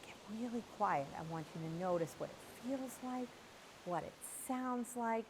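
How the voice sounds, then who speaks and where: A middle-aged woman teaching kids' yoga, leading a guided beach visualization with slow, soothing instructions. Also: on the high side, expressive, noisy background. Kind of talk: guided relaxation for children. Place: indoors at home on a yoga mat.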